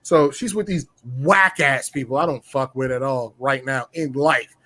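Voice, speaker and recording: A man telling a rowdy personal story in casual chat, boastful and profane, full of slang and animated bragging. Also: medium pitch, moderate pace. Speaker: podcast guest telling a story.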